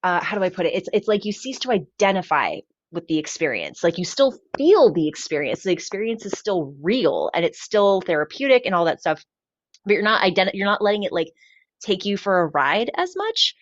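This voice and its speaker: A woman guest on a podcast, talking in a laid-back, animated and profane way. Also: mid-range voice, fairly quick, no room sound, lo-fi sound. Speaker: podcast guest, card reader. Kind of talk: casual conversation.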